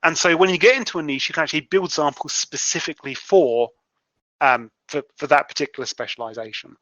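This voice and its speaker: A man's voice: fairly high pitch, quick pace, pushed and bright, no room sound. A man who is a guest freelance writer, explaining at length in a podcast interview and often restarting his sentences. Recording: dull lo-fi sound.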